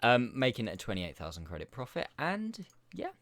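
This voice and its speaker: A man's voice: mid-range voice, huge pitch swings, a little fast, fairly bright tone, no echo. A man giving chatty, upbeat and self-mocking commentary over his own game footage as a gaming YouTuber. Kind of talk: gameplay commentary.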